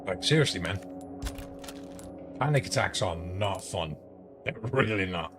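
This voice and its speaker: A streamer with a low voice rambles through a story between game moments, swearing freely in casual chat. He's expressive and a little slow, and a clear bed of background noise runs under his home streaming mic.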